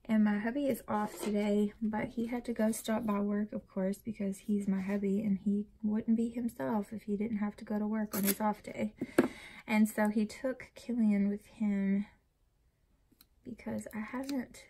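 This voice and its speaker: A woman's voice: mid-range voice, flat delivery, moderate pace, dark tone, a little hiss or hum. A young woman vlogger chatting casually and rambling while decorating a planner. She sounds tired and uncomfortable and often drops to a near whisper.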